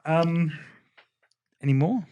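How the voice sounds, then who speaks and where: A man's voice: fairly high pitch, slow pace, clear, resonant tone, lo-fi sound. A man co-hosting a podcast in casual, joking banter, often restarting his sentences. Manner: joking, self-mocking, stumbling restarts. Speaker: podcast co-host.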